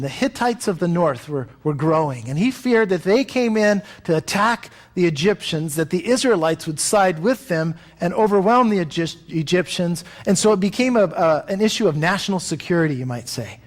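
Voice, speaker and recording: A man preaching a sermon in a conversational way, acting out the voices of the people he quotes. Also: high voice. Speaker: pastor.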